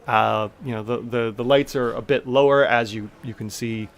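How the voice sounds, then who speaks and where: A man's voice: mid-range voice, fairly even intonation, moderate pace, gravelly. A man narrating as game master, loose and rambling with many fillers.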